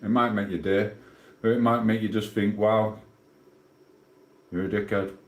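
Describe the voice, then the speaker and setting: A man's voice: fairly low pitch, fairly even intonation, normal speed, reverberant, poor audio. Blunt, offhand man streaming live. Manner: reads chat aloud, blunt and offhand. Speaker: livestreamer. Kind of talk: casual live stream chat.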